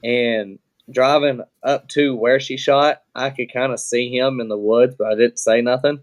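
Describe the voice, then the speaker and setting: A man guesting on a podcast, telling a story at a relaxed, unhurried clip. His delivery is plainspoken and rambling, full of fillers and restarts. He swears now and then, sitting at a middle pitch. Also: dull audio. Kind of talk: casual storytelling.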